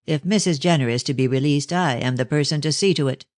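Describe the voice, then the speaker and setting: Man doing a stern cold old-school father, measured, dry close mic. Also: fairly high pitch, no echo, natural voice. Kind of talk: audiobook character reading.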